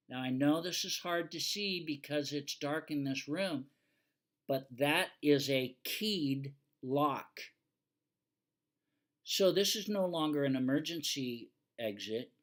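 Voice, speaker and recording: An older man, a retired fire safety instructor, giving a plainspoken, teasing lecture over slides and firmly repeating his warnings. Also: fairly high pitch.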